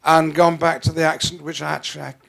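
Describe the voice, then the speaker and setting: A fairly high, flat, creaky voice comes from an older guest actor from the northwest of England, talking a little fast in an interview on a theatre stage with an audience watching. His Received Pronunciation shows faint northern traces, and he's playful and theatrical, with frequent restarts and sudden jumps in loudness.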